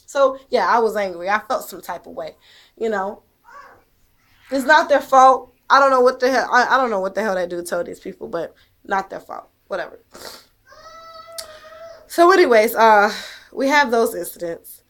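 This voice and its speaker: A woman's voice: medium pitch, expressive, moderate pace, long pauses, fairly bright tone. A woman telling a personal story about her life as a mother. She speaks with emphasis and heat, swears often, and keeps pressing her point with "okay?". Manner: profane, emphatic, heated. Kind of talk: emotional first-person storytelling.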